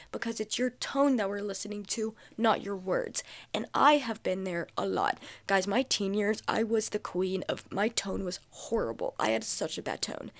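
Young adult female podcast host, casual and chatty, restates her points, mid pitch with creaky fry. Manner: chatty, filler-heavy, repeats points for emphasis. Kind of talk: casual solo podcast talk.

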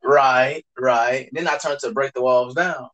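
A man's voice: mid-range voice, fairly even intonation, unhurried, fairly bright tone, lo-fi sound. A young man telling a story in a casual podcast chat, full of slang and swearing, often mimicking other people's voices.

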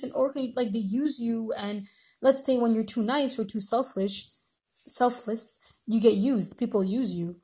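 Woman host, high voice, rambling advice talk with lots of "like" and restarts. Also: a little slow, darkish tone. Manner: rambling, many restarts and fillers. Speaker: podcast host. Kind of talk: casual advice monologue.

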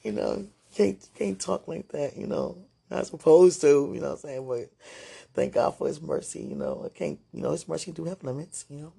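Gravelly, husky woman gushing affectionately. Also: low voice, sing-song, moderate pace, dark tone. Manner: gushing, giggly, rambling with many "you know"s. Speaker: podcast host. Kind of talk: spiritual monologue addressed to a loved one.

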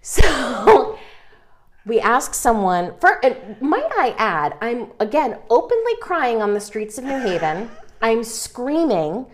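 A woman co-hosting a podcast, telling a story with lively, comic energy. She swears without a second thought and laughs through her words. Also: a little high, slow pace. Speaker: podcast co-host.

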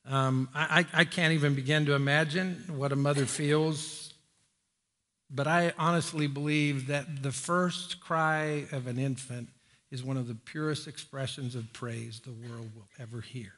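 A middle-aged man preaching a sermon in a church, folksy and joking, climbing higher when he presses a point. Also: steady tone, unhurried, fairly bright tone. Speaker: pastor. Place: church sanctuary.

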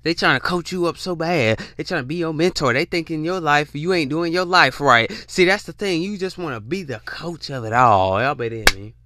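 Man podcast host with a bright, fairly high voice, talking in a preachy motivational way. He keeps calling out to his listeners and trips over repeated words as he restarts. His voice sounds dry and close, with no room echo. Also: brisk, few pauses. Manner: repetitive call-outs to listeners; stammering restarts.

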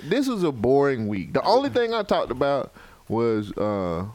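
A man co-hosting an improvised comedy podcast, halting and rambling as he talks. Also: mid-range voice, huge pitch swings, darkish tone, no room sound. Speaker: podcast co-host.

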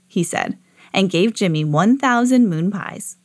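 A woman's voice: medium pitch, lively intonation, a little slow, dry recording. A woman hosting a read-aloud podcast, reading a children's storybook expressively.

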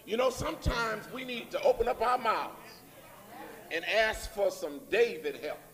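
High-voiced preacher echoing in a church. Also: male voice, measured pace, a bit bright. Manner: call-and-response preaching, rising emphatic phrases. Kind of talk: sermon. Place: church sanctuary. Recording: long reverb in a church hall.

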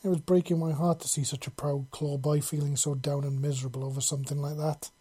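A reader voicing a fierce, foul-mouthed woman soldier who growls and barks commands like a drill sergeant, in a husky, mellow voice. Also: mid-range voice, flat delivery, quick pace, natural voice. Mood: warm teasing.

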